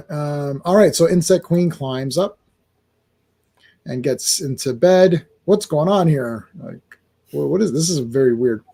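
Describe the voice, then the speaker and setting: High-voiced joking podcast host. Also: male voice, a little slow, vocal fry, dark tone, husky. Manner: jokey, acts out comic dialogue in silly voices. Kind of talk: casual comic book podcast chat.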